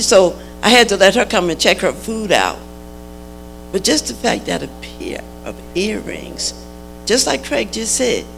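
A woman shares a testimony in a casual storytelling way and acts out the voices of the people in it. Her pitch moves widely. Music plays clearly in the background. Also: rough recording. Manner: animated, acts out quoted voices. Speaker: church member sharing a testimony.

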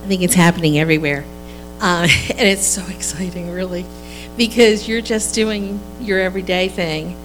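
A woman's voice: fairly low pitch, steady tone, normal speed, poor audio. A woman chattily telling a workplace testimony and laughing between sentences. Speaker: church member sharing a testimony. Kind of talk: casual testimony storytelling. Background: music.

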